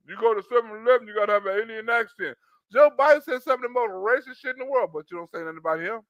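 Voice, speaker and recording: A man's voice: very high voice, lively intonation, fast talker, fairly bright tone, dry recording. A man hosting a reaction video, mocking clips in casual commentary and laughing often.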